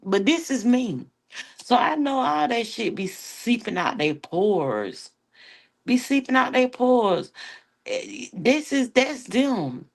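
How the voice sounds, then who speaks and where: A woman from Atlanta with a Southern accent, chatting sassily with her livestream viewers and telling animated stories full of slang. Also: fairly high pitch, slow. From Atlanta, Georgia. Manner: sassy, animated storytelling with slang. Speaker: livestream host. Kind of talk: casual chat with viewers.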